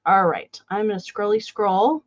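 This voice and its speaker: A woman's voice: mid-range voice, normal speed, dry recording, muffled recording. A woman hosting a live online sale, chatting casually and greeting viewers by name. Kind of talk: casual live-stream chat.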